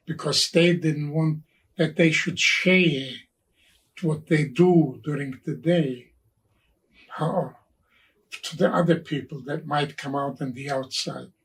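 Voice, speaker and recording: A man in his nineties giving personal testimony, halting and repeating words as he recalls events and quotes the people in them. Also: fairly high pitch, recorded from a distance, rough recording. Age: 90s. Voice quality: gravelly, husky older voice. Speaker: Holocaust survivor telling his story.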